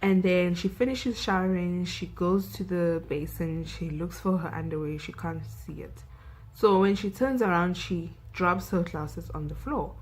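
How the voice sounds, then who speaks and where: A young woman with a South African accent chatting through a film recap for her channel. She talks slowly and unhurriedly in a husky, somewhat low voice, filling her sentences with "like" and "you know". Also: a little mellow, poor audio. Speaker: vlogger.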